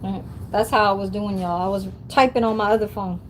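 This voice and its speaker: A woman's voice: medium pitch, steady tone, fairly quick, a little hiss or hum, rough recording. A woman in her forties chatting casually on a livestream, telling childhood stories with lots of cursing and laughter and talking to her chat. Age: 40s. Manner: profane, laughing storyteller who talks to her chat. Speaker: livestream host.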